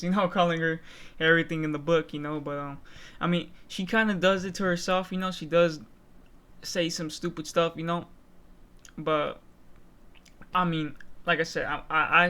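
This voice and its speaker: Brief: man, reaction host, bright smooth voice, hesitant and casual. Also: a little high. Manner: hesitant, lots of fillers and restarts.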